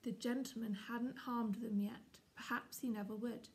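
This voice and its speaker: A woman teacher reads a children's novel aloud for home learning, steady and expressive. Her voice is gravelly and sits a little high. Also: normal speed. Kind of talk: storybook read-aloud.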